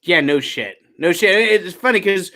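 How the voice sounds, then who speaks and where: Lively, sarcastic man with a bright voice. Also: high-pitched, moderate pace. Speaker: podcast co-host. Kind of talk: casual political podcast chat.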